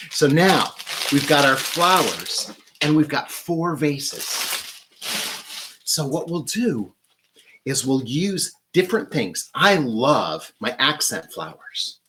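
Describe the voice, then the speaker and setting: A man's voice: mid-range voice, a bit bright, a little hiss or hum. A man hosting a flower-arranging demonstration in his home flower studio, talking in an upbeat, enthusiastic teaching manner. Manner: upbeat, enthusiastic instructional talk. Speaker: florist host.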